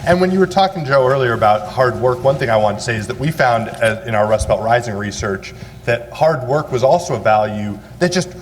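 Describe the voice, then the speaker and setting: A man's voice: medium pitch, brisk, a little hiss or hum. Male moderator in a reverberant hall. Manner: affirming, wraps up and thanks the panelists. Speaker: panel moderator. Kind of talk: panel discussion. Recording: long reverb in a large hall.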